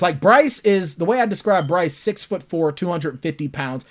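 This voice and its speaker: Male author guest, animated storyteller in casual interview chat. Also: a little high, normal speed. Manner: animated storytelling, acts out his characters.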